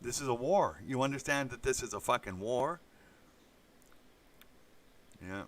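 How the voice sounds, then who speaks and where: A man's voice: mid-range voice, lively intonation, a little slow. A man hosting a casual monologue, rambling and swearing, with many fillers. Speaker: host.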